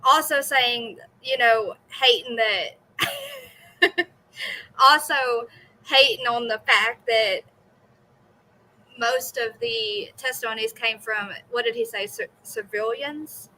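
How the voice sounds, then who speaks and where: A woman's voice: a little high, slow pace, long pauses, pushed and bright, low-quality recording. A young woman streaming from home, giving chatty, indignant commentary on a trial and talking straight to her viewers. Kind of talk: casual live commentary.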